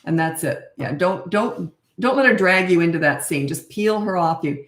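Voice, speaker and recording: A woman's voice: lowish voice, lively intonation, normal speed, few pauses, fairly bright tone. A middle-aged woman who is a parenting coach, giving blunt, confident advice on a casual live stream. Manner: blunt, confident, acts out quoted dialogue. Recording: echoey room.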